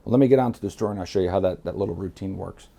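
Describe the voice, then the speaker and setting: Middle-aged man from Miami, dark husky voice, blunt profane storyteller. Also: low-pitched, racing. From Miami, United States. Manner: blunt, swears freely, acts out quotes. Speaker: guest.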